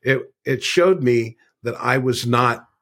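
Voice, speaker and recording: A man's voice: medium pitch, takes it slowly, fairly bright tone. An older man telling a long personal story as a podcast guest, earnest and rambling, with many fillers. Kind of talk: conversational storytelling.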